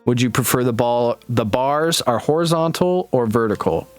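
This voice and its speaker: A man's voice: medium pitch, expressive, normal speed. A man hosting an interview, chatting casually in a laid-back, jokey way. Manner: laid-back, jokey, says "bro" often. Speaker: podcast host.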